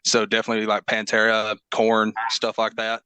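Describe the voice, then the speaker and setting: A man with a Southern Alabama accent talks casually as a guest. His low voice rings bright, crisp and smooth, and the sound is dry and close. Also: completely flat delivery, moderate pace, no room sound. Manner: laid-back, chuckling. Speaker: band drummer, guest. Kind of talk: casual podcast interview.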